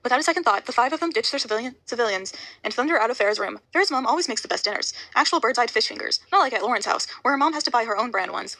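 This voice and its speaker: A woman reading a novel aloud, rushing and often stumbling over words. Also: fairly high pitch, pushed and bright, rough recording. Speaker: audiobook reader.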